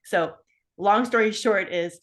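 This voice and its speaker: A woman's voice: medium pitch, takes it slowly, a little hiss or hum. A woman in her fifties telling her own health story in a casual, chatty way, full of asides and fillers. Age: 50s. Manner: animated, acts out her own past dialogue. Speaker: guest sharing a health story.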